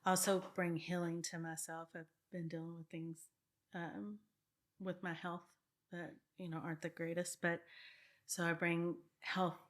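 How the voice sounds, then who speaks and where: At a measured pace and with a flat, low voice, a real estate broker in her fifties answers questions as a guest in a casual interview. She's sincere and reflective, restarting often and laughing softly now and then.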